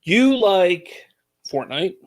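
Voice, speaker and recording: A man's voice: sits high, very animated, extremely slow. A man in his thirties hosting a casual family chat as a father, easygoing and joking, chuckling often. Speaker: podcast host and father.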